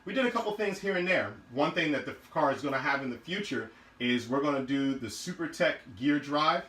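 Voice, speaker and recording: A man's voice: a little high, lively intonation, fairly quick, fairly bright tone, roomy sound, poor audio. A man casually showing car parts in his garage, talking loosely with many fillers and restarts. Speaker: car build vlogger.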